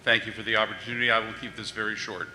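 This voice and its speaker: A man from Georgia giving measured public testimony with a touch of dry humor. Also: on the low side, fairly even intonation, sharp tone, a little hiss or hum. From Georgia, United States. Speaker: public commenter. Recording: reverberant hearing room.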